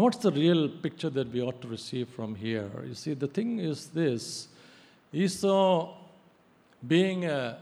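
A male pastor giving a sermon, emphatic and halting, with frequent hesitations. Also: mid-range voice, darkish tone. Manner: emphatic preaching with many hesitations. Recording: long reverb of a hall.

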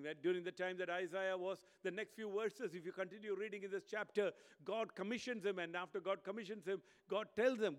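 A male preacher delivering a sermon in a slightly high voice. He swings between loud, emphatic lines and hushed, quiet ones. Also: fairly quick.

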